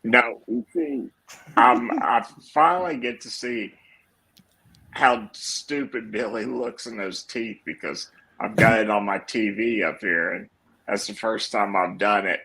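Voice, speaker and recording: Slow low gravelly guy, bright tense tone, thinking out loud. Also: steady tone, poor audio. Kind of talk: casual chat.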